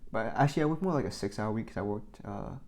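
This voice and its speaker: In his vlog, a young man tells rambling work stories laced with fillers, lots of "like," and restarts. His voice is on the low side and darkish, delivered fast and with animation.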